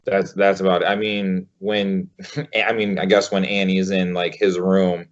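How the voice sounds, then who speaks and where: Man, low voice, halting casual talk, lots of fillers, muffled podcast audio. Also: level tone. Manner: halting, filler-heavy, profane. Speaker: podcast co-host. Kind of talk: casual chat.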